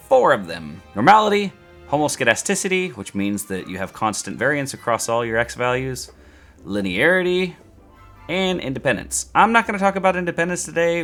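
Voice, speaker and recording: Animated, playful male statistics teacher. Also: fairly high pitch. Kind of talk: scripted educational video.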